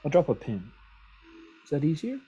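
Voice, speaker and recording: A man's voice: fairly high pitch, moderate pace, slightly rough, muffled recording, voice pushed up, full character voice. A man playing a sly cat-burglar woman. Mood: sly, needling. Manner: calm, indirect, needling.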